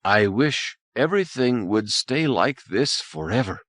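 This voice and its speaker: A man voicing a shy, timid young boy in a storybook, speaking softly and hesitantly with stammers. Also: medium pitch, animated, measured pace, no room sound, studio quality.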